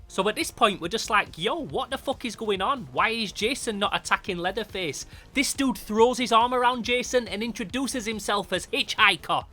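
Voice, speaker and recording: Excitable man reviewing horror comics. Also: very high voice. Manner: enthusiastic, sweary, acts out sound effects. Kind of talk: casual comic review narration.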